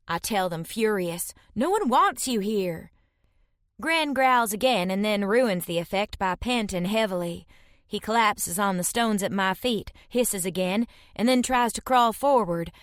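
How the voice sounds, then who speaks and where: A woman narrating a fantasy romance audiobook in first person, reading tensely and dramatically, voicing shouted dialogue. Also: mid-range voice, no room sound, clean studio sound.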